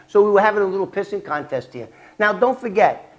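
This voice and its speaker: An older man vlogging about his past as an informant, telling it in a rambling, animated way with restarts and fillers. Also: rapid-fire. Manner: animated, acts out quoted dialogue with sharp jumps in pitch and loudness. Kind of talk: casual storytelling vlog.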